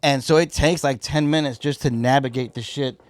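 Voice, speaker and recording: A man with a Chicago accent telling a profane work story in a casual, animated way and acting out both sides. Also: medium pitch, fairly quick, dry recording. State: high. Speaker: comedian guest.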